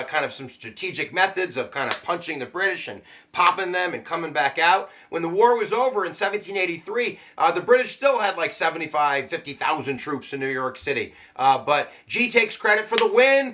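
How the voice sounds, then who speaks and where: Male history teacher, high bright voice, playful and slangy delivery. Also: normal speed, hardly any pauses. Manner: jokey, slangy and animated, with sudden asides. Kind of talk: casual history lesson.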